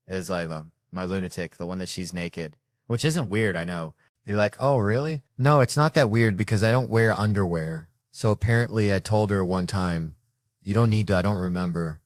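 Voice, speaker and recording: A middle-aged male comedian tells crude family stories, profane and brash. His voice sits a little low. The sound is dry and close, with no room echo. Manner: brash, profane storytelling with acted-out quotes. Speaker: stand-up comedian. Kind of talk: stand-up comedy routine.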